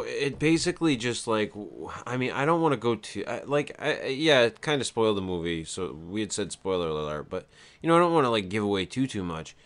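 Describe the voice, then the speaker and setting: Male podcast host, mid-pitched, halting and profane, casual. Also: a bit bright. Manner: halting, profane, many restarts. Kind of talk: casual uncensored chat.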